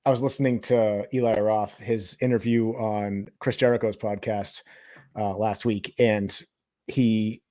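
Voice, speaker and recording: A man's voice: lowish voice, level tone, measured pace, warm tone, no echo. Rambling male podcast host, dry sound. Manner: rambling, with restarts and hedges. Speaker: movie review podcast host. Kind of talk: casual chat.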